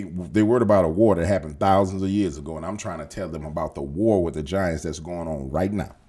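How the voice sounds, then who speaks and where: A man holds forth in a slangy, profane monologue, talking straight at his audience. His voice is husky, and his pitch leaps up and down as he argues. He sounds like he is speaking into a desk mic. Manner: animated, profane, streetwise slang, talks straight to viewers. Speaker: political commentary podcast host. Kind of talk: casual opinionated monologue.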